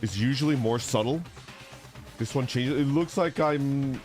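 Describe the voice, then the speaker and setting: A man's voice: medium pitch, unhurried, darkish tone. A man streaming a game, joking, laughing, and reading dialogue aloud with game music in the background. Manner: goofy, laughing, jumps between silly voices and reading.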